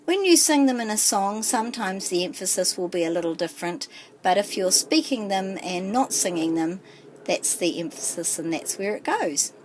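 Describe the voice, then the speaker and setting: A woman, teaching a pronunciation lesson with slow, careful enunciation. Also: mid-range voice, expressive, a little hiss or hum. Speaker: te reo teacher and author.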